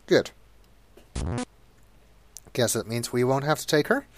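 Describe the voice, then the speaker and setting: A man's voice: mid-range voice, lively intonation, slow pace, soft background music. A man commentating a game playthrough and reading its text, with dry, wry asides. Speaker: let's play narrator.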